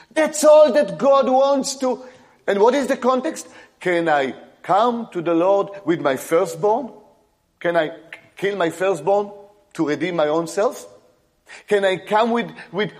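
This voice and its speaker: A male preacher giving an emphatic sermon, swinging between loud exclamations and quiet asides. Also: high voice, breathy edge, big-room sound.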